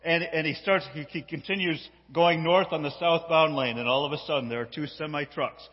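A man preaching a sermon, telling a story with lively animation and often repeating words as he builds up steam. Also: fairly high pitch, a little fast, breathy edge. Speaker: pastor. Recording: dull sound with long hall reverb.

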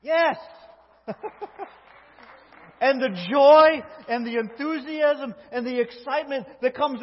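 High, husky-voiced preacher in a reverberant hall. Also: male voice. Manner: emphatic preaching, swings between loud and hushed. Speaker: pastor. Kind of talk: sermon. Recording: dull lo-fi with long hall reverb.

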